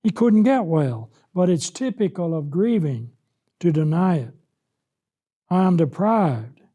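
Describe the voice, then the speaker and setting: A man's voice: fairly high pitch, very animated, measured pace, dark tone. A man preaching a Bible lesson, acting out the scripture in the first person as he explains it. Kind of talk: sermon-style Bible lesson.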